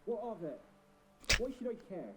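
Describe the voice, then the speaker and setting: High shrill grumpy villager in a game, pitch jumping all over. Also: male voice, big pitch swings, moderate pace. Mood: hostile. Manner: snappish and hostile. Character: shrill, hostile male villager, rude and defensive. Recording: game audio with faint noise.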